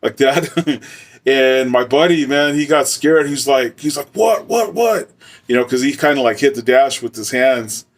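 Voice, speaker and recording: A man's voice: mid-range voice, steady tone, moderate pace, hardly any pauses, distant mic. Slangy, profane man telling a story. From Arizona, US. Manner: loose, slangy and profane, with frequent fillers. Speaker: storyteller, former soldier. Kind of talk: casual spoken storytelling.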